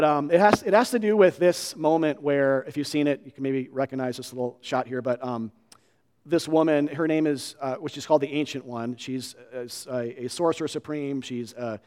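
A male pastor preaching a sermon in a conversational, halting way, often restarting his sentences. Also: medium pitch, a little mellow. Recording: long hall reverb.

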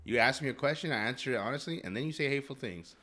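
A man in his thirties co-hosting a casual podcast, loud and teasing as he jokes with his nephew. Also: mid-range voice, animated, very fast. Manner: teasing, joking, talks loud. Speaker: podcast co-host. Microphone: headset mic.

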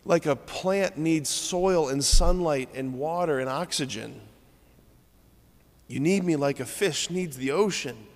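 Speaking slowly in a fairly high voice, a Catholic priest delivers a relaxed homily at mass in a church with big-room acoustics. He performs scripture lines in different tones and keeps checking in with "right?".

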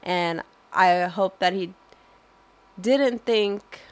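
A woman's voice: lowish voice, extremely slow. Hesitant young woman, lots of ums. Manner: hesitant, many fillers and restarts. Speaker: interviewee. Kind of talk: thoughtful unscripted answers.

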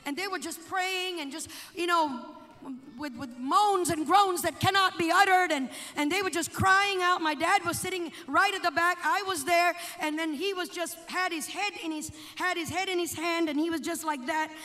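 A woman preaching a sermon, telling a story dramatically, swinging from hushed asides to shouted exhortation. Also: extremely high pitch, normal speed. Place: church sanctuary. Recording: long church hall reverb.

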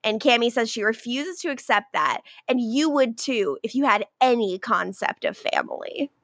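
A woman's voice: a little high, moderate pace, dry recording, studio quality. A woman co-hosting a podcast, chatting casually about a TV episode and acting out the characters' lines with lots of laughter. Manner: animated, acts out characters' lines in quotes, laughs often. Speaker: podcast co-host. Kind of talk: casual chat recapping a TV episode.

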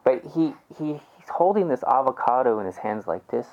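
A man's voice: medium pitch, expressive, normal speed, a little mellow, muffled recording. A man telling a heartfelt personal story in a casual way, with many fillers and restarts. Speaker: storyteller recounting experiences.

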